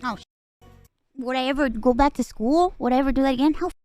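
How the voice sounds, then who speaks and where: A woman's voice: high voice, fast talker, dark tone, soft background music. A woman from Puerto Rico with a Puerto Rican accent, chatting casually as a streamer, rambling, swearing and laughing a lot. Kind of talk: casual chat.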